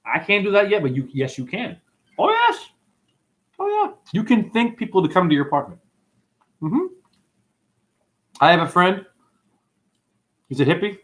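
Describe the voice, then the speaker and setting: A man's voice: high-pitched, moderate pace, pauses often. A man hosting a livestream, chatting in a rambling way, answering comments and swearing freely as he tells stories. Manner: excitable, profane, rambling storyteller. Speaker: livestream host.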